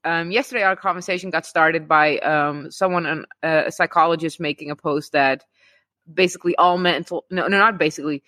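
A woman's voice: sits low, steady tone, a little fast, sharp tone, no echo. A woman hosting a podcast in a blunt, chatty way, laughing often. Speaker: podcast host. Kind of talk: casual podcast chat.

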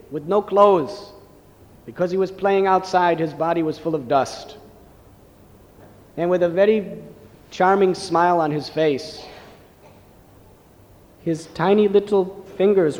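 A man tells a devotional story in a gentle, reverent sermon manner. His voice sits somewhat high for a man. A long reverb from a large hall follows his words. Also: highs cut off. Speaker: preacher.

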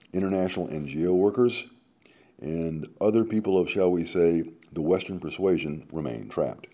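A radio host with a low, mellow voice reads a column aloud, breaking in between quoted passages with sarcastic asides. His delivery is dramatic, swinging from emphatic to muttered.

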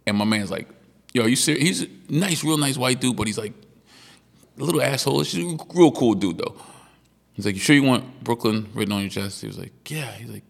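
Male co-host, gravelly lowish voice, lively swearing storyteller, long reverb. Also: a little fast. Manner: animated storyteller, laughs often, swears freely. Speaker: podcast co-host. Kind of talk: casual chat.

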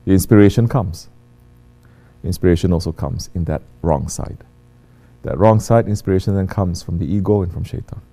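A man giving a sermon as a religious teacher, acting out quoted voices and swinging between hushed and loud delivery. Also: low voice, normal speed.

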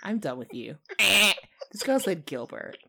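A woman podcast host in casual chat, telling stories in an animated way and laughing often. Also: medium pitch, a little slow, gravelly, slightly rough.

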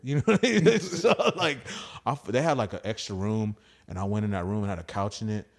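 A young man, a stand-up comic guesting on a podcast, telling wild party stories in a rambling, profane, animated way. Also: lowish voice, quick pace, creaky, hardly any pauses. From Houston area. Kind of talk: casual storytelling chat.

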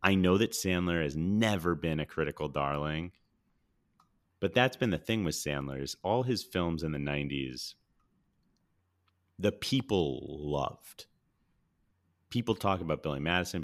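A man with a strikingly deep, bass-heavy voice talks casually as a podcast host. He is enthusiastic and rambling, often restarting his sentences mid-thought. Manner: enthusiastic, rambling, self-correcting. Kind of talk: casual movie review chat.

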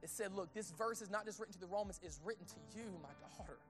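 A man preaching a sermon in a conversational way, asking the audience questions and dropping to a hushed tone on intimate points. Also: high-pitched, fast talker, over music. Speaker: pastor.

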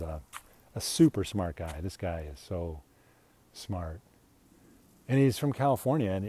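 In a lowish, mellow voice, this storyteller from the United States, a middle-aged man, rambles through a self-deprecating story about himself, chuckling as he goes.

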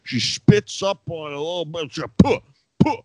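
A man putting on a gruff, foul-mouthed tough-guy wrestler who rambles and swears constantly. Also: fairly high pitch, very animated, normal speed, no room sound, voice pushed up. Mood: crude rambling.

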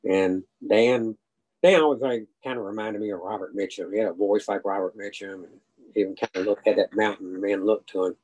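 Older man, low voice, retired salesman guest spinning rambling shop anecdotes. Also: steady tone, a little fast, a little mellow, rough recording. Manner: rambling anecdotes with restarts and acted quotes. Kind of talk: casual storytelling.

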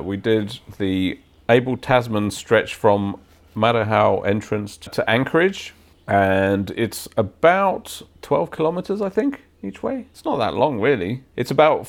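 A man's voice: fairly low pitch, gravelly. A man co-hosting a casual podcast, telling rambling stories with jokes. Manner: joking, rambling anecdotes. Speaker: podcast co-host. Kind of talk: casual chat.

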